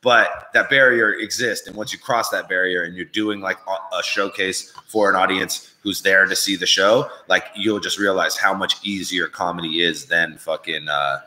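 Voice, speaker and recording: A man's voice: low voice, fairly even intonation, moderate pace, few pauses, bright, forceful tone, rough recording. A man hosting a live-stream show, chatting casually in a profane, rambling, jokey way. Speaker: podcast host.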